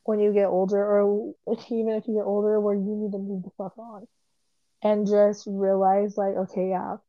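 A woman's voice: medium pitch, completely flat delivery, normal speed, no echo. A young woman in casual chat about a movie, rambling emotionally and filling her talk with "like". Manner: rambling, heavy use of "like", emotional. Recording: dull lo-fi sound.

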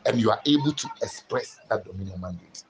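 A man preaching a sermon, building rhythmic repeated phrases that swell into loud, fervent peaks. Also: lowish voice, animated, a little fast, slight background noise, rough recording. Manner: rhythmic repetition with sudden swells.

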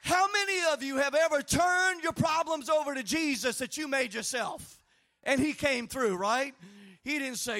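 A man preaching to his congregation in a very high, bright voice. He swings from quiet, conversational asides up to shouted, urgent declarations, and he calls on the room to answer back. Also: moderate pace. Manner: preaching with rising, shouted emphasis and call-and-response. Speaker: pastor. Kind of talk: sermon.

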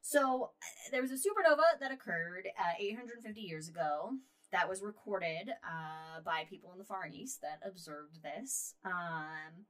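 A woman's voice: on the low side, unhurried. Chatty woman co-hosting a casual podcast. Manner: chatty, lots of fillers, swings in loudness. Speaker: podcast co-host. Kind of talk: casual astronomy chat.

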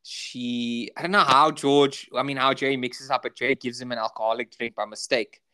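South african dude retelling sitcom bits on a pod, rambly, lots of likes and ums, regular pitch. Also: male voice, fairly even intonation, normal speed, bright, forceful tone, smooth. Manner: rambling recaps with filler words. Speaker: podcast co-host. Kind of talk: casual chat.

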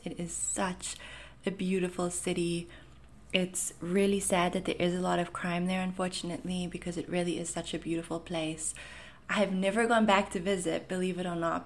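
A woman in her thirties from South Africa, with a South African accent blended with Canadian, talking casually and reassuringly as she answers viewer questions. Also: fairly low pitch. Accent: South African mixed with Canadian. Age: 30s. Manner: reassuring, chatty, frequent fillers. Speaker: anxiety content creator. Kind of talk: casual Q&A monologue.

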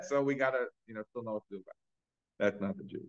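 A man's voice: mid-range voice, fast talker. A man teaching a casual Torah class, talking loosely with lots of fillers and Hebrew terms. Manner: chatty, many fillers, mixes in Hebrew and Yiddish terms. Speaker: rabbi teaching a Talmud class. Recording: dull, lo-fi class recording.

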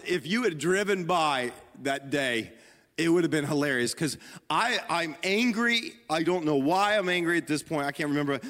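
A man's voice: on the high side, a bit bright. A middle-aged man preaching a sermon, telling a story with self-deprecating humor and talking to the congregation and to his wife. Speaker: pastor. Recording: long hall reverb.

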